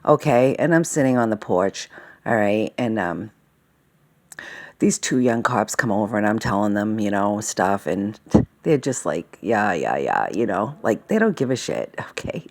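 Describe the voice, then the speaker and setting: Woman, gravelly lively voice, agitated rambling vlog rant, keeps asking "all right?". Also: very deep voice, measured pace. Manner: rambling, agitated, swears often; fillers and self-interruptions, asks "okay?" and "all right?". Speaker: vlogger. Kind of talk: casual monologue.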